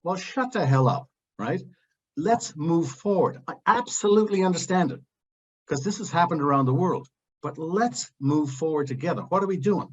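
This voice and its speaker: A man's voice: on the high side, animated, normal speed, husky, muffled recording. A man speaking as a panelist in a heated open discussion, blunt and impassioned, drifting into digressions.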